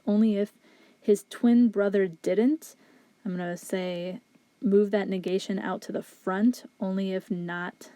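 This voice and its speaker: A woman's voice: mid-range voice, dark tone, no room sound. A woman teaching logic, methodically working through exam questions step by step and thinking aloud in a recorded lecture. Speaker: philosophy instructor.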